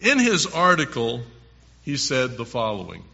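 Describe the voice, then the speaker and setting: A man preaching a sermon, reading scripture verses slowly with strong emphasis. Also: medium pitch, wildly swooping pitch, creaky, bright, forceful tone, lo-fi sound.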